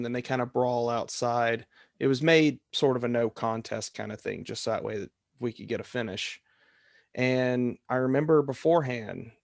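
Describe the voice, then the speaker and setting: A man's voice: mid-range voice, no room sound, studio quality. A man, a wrestling referee, telling a story in a casual podcast chat and acting out the counts and calls as he goes. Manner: animated, acts out counts and shouts while telling a story.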